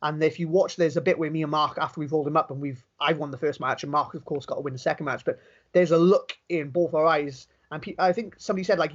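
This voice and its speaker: A Welsh man, a professional wrestler, telling stories in a casual interview, animated and quick with many restarts. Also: a little high, lo-fi sound. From Wales.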